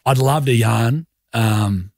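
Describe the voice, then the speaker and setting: Jokey Aussie radio guy, husky. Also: medium pitch, takes it slowly, no echo, studio quality. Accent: Australian. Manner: animated, jokey storyteller. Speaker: radio co-host. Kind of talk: casual on-air banter. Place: radio studio.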